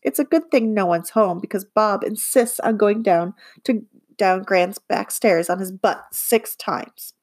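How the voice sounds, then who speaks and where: Woman reading a lively audiobook. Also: medium pitch, a little slow. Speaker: audiobook reader. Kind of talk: first-person audiobook narration.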